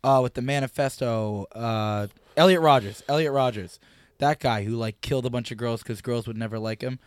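A man's voice: mid-range voice, fairly even intonation, fairly quick, clean tone, no echo, clean studio sound. A man co-hosting a podcast, crude and jokey in a casual chat. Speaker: podcast co-host.

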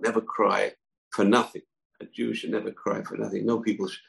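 A man's voice: fairly low pitch, little pitch movement, fast, creaky, low-quality recording. A man giving an informal, emphatic Jewish history lesson, often repeating words for stress. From family from Babylon, moved to Israel. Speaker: Jewish teacher.

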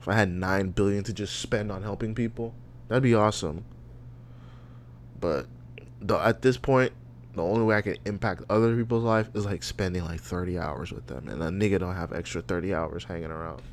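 A man's voice: deep voice, brisk, a little hiss or hum. A young adult man hosting a solo podcast, ranting and rambling with lots of profanity. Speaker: podcast host.

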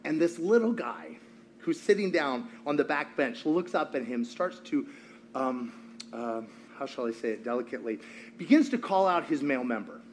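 A man preaching a sermon to a congregation, telling stories with animated, acted-out quotes. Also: mid-range voice, normal speed, slight background noise. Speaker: pastor.

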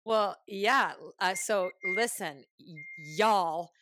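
A woman's voice: medium pitch, slow, a bit bright, a little hiss or hum. A woman hosting a podcast, chatting effusively with her guest. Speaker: podcast host. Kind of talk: casual interview chat.

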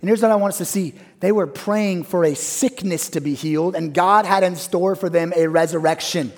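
High-voiced pastor preaching with dramatic swings. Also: male voice, normal speed. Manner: dramatic swings from loud high peaks to hushed low phrases. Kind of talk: sermon. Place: church.

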